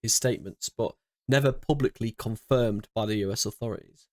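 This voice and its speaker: A man's voice: fairly low pitch, brisk, no room sound. A man with a mid-range voice joins a casual podcast chat, dropping short wry remarks and laughing easily. His voice sounds dry and close, with no room around it. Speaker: podcast co-host.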